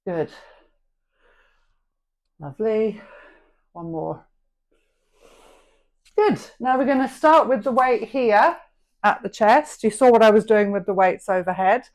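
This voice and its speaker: A woman's voice: a little high, animated, measured pace, long pauses, a little mellow. A middle-aged woman coaches an online dumbbell workout, calling out reps and form tips in an encouraging voice. She keeps a practical, friendly instructor's manner as she talks people through each move. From England. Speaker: fitness instructor.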